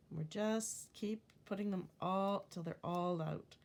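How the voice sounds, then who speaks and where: A woman teacher walking through a phonics word sort, speaking clearly and deliberately and stretching words to show the stress. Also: medium pitch, darkish tone. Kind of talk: classroom phonics lesson.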